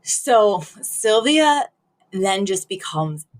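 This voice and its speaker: A woman co-hosting a podcast, recapping a sitcom episode in a lively, casual way. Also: mid-range voice. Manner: animated retelling with quick acted quotes and laughs. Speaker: podcast co-host.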